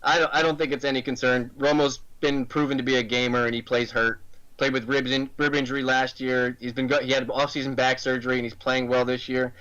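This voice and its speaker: An American man co-hosting fantasy football radio, giving quick joking analysis in casual chat. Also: medium pitch, flat delivery, fairly bright tone, highs cut off. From United States.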